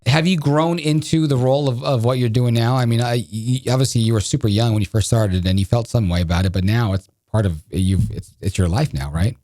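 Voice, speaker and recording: A man's voice: mid-range voice, brisk, few pauses, darkish tone. A man hosting a podcast, asking questions in a casual interview and often chiming in with short affirmations. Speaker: podcast host.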